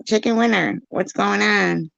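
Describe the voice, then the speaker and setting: A woman's voice: medium pitch, a little slow, gravelly, a bit bright, no echo, dull audio. A woman hosting a casual livestream, reading the live chat aloud, confused and pleading with her chatters, often laughing. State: dry mouth.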